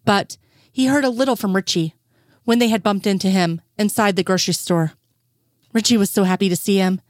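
A woman's voice: mid-range voice, a little fast, dry recording. Young woman, dry close narration of fan fiction, casual and profane. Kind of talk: scripted fan fiction reading.

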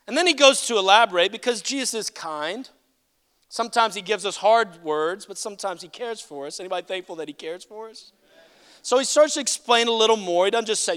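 Male preacher, high bright voice, animated and humorous, punchy loud-to-quiet swings, acts out quotes. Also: fairly quick, clear, resonant tone. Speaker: pastor. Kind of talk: sermon.

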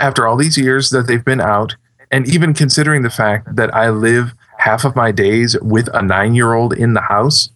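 A man's voice: mid-range voice, fairly bright tone. A man co-hosting a casual movie podcast, blunt and opinionated. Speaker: podcast co-host. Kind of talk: casual chat.

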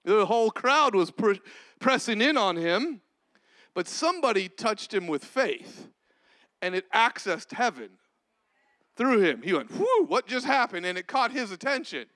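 A man preaching a sermon as a pastor, with long pauses and sudden drops to a soft voice. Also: high voice, big pitch swings.

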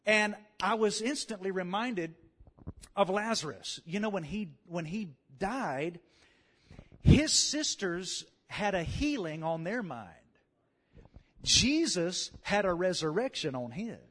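Southern preacher, man, tenor range, animated sermon delivery. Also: high-pitched, takes it slowly, husky. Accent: Louisiana Southern US. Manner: animated, swells to loud calls of "come on" and "amen".

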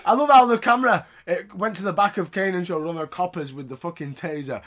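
A podcast host chatting in a casual, animated way, swearing freely and laughing often. His voice sits high for a man and sounds bright and forceful. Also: fast. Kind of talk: casual chat, wrestling recap.

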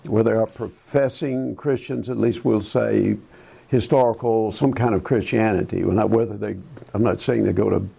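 An older man speaks on a Christian talk show with a low, dark voice full of gravel and a husky edge. He talks in halting bursts, restarting his sentences often. His tone is earnest and preachy. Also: fairly even intonation. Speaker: Christian radio host. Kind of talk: casual talk about current events.

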